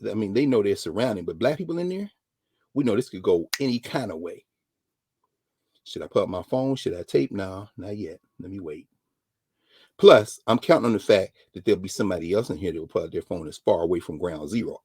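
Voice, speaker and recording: A middle-aged man, telling a story as a professor, his husky voice leaping up and down in pitch. He drops to near whispers and then bursts out loud, acting out each person he quotes. The sound is dry and close. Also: no room sound. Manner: dramatic retelling, voicing others in quotes, swinging from hushed to shouting. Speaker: professor and regular guest. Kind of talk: animated storytelling lesson.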